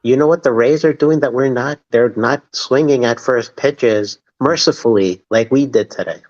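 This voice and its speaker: A man's voice: medium pitch, a little mellow. Sarcastic sports-talk man, dull lo-fi audio. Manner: sarcastic, drawn-out storytelling. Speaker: co-host. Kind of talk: casual sports call-in chat.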